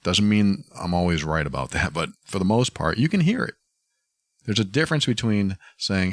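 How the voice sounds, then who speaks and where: Deep-voiced man giving calm advice. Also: normal speed, no echo, clean studio sound. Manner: calm, thoughtful, acts out example phrases. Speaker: podcast host. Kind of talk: reflective advice talk.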